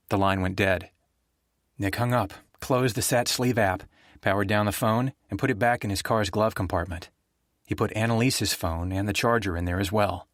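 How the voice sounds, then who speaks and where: A man narrating a thriller audiobook in a steady, even storytelling manner. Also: on the low side, normal speed, no room sound, studio quality.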